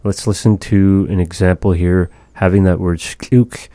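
A man teaching phrases of a language, sounding them out slowly and pausing to find his words. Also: deep voice, fairly even intonation, warm tone, no room sound. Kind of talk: slow, patient language lesson.

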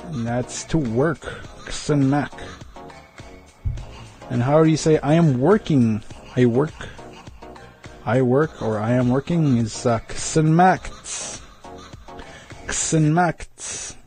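A man hosting a radio segment, slowly teaching words of the day and repeating each one with care. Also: medium pitch, mellow, soft background music. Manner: slow, repeats words carefully, chuckles at himself. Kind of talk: casual language lesson on radio.

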